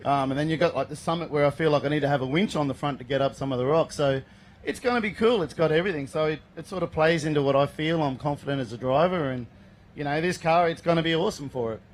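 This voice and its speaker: A man's voice: a little high, fast, slight background noise. A man from Queensland with an Australian accent, an off-road race driver chatting in a casual, upbeat interview at an outdoor race event. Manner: upbeat and chatty, calls people mate.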